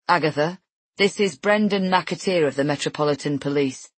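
A woman's voice: low voice, normal speed, husky, no echo. Woman voicing a firm male police negotiator. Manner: steady, coaxing, counting down.

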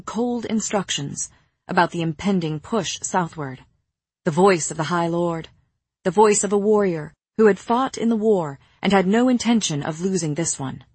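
Husky-voiced woman narrating a novel. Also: lowish voice, no echo. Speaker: audiobook narrator. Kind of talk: scripted first-person narration.

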